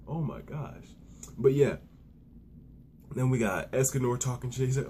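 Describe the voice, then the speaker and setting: A young man talks through a manga chapter in a loose, excitable rant, full of swearing and stumbles. His voice is mellow and warm, and it swings up and down a lot. A faint hiss of noise sits behind him. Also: medium pitch, brisk. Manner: excitable, profane, animated retelling with many restarts. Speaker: manga reviewer. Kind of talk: casual solo review rant.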